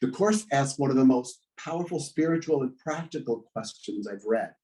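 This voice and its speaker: A man giving a reflective sermon at a spiritual center, in measured phrases with pauses. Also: medium pitch, expressive, warm tone, low-quality recording. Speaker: guest speaker at a spiritual center. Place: church sanctuary.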